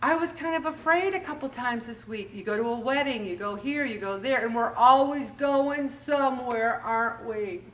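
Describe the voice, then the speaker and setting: A woman in her forties hosting a motivational weight-loss talk, animated and acting out little scenes as she goes. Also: fairly high pitch, normal speed, hardly any pauses, recorded from a distance, a little hiss or hum. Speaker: weight-loss show host.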